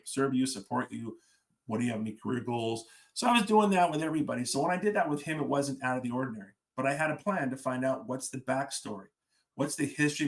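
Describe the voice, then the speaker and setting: Middle-aged man, fire service leader, animated storyteller, quotes people in their own voices, average pitch. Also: gravelly. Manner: animated storyteller acting out dialogue. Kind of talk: storytelling on a podcast.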